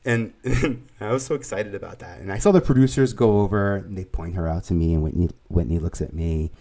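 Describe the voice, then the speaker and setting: A man with a New York accent, a producer and casting director, chatting as an interview guest in an animated way, laughing easily and restarting his sentences. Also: low-pitched, fast talker. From Staten Island, New York. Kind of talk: conversational storytelling.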